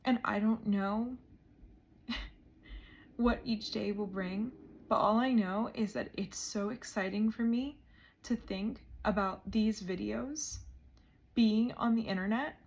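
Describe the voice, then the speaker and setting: A woman's voice: on the high side, slow, long pauses, darkish tone. A woman in her thirties recording a meditation video diary, earnest and emotional, her voice often falling to a near whisper. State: emotional, close to tears. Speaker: vlogger.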